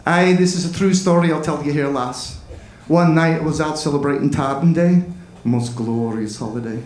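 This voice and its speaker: A man's voice: on the high side, normal speed, darkish tone, lightly acted. A man putting on a bawdy Scottish man in a kilt. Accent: put-on Scottish. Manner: bawdy storytelling. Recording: roomy club with crowd.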